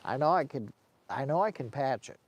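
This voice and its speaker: Middle-aged guy rambling on a camping livestream from inside his warm tent, pretty average voice, gets emotional. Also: medium pitch, lively intonation, normal speed, no echo, dull audio. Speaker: camping vlogger. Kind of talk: casual livestream chat. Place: inside a heated tent in the cold wind.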